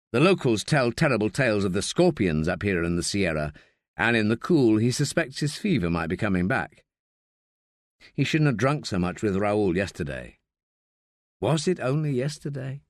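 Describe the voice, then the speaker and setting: A man reading an audiobook as narrator, measured and expressive. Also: medium pitch, dry recording, studio quality. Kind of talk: scripted narration.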